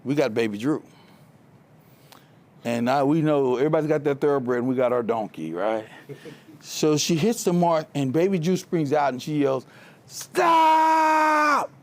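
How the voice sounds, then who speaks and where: A man giving a motivational talk to a live audience, telling stories from his coaching days in an animated way and laughing along with them. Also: medium pitch, normal speed. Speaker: keynote speaker, former track coach. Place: live event before an audience.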